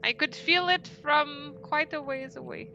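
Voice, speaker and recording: A woman playing in a tabletop game, playful and quick to giggle. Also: high voice, bright, forceful tone, dull audio. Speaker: player. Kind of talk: casual tabletop play.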